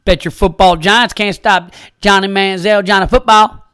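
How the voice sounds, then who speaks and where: A man's voice: high voice, steady tone, moderate pace, fairly bright tone, clear, resonant tone, no room sound, clean studio sound, voice pushed up. A man voicing a rowdy, boastful Texan football fan in a put-on Texan accent, hollering crude brags with a drawl. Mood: boastful taunting.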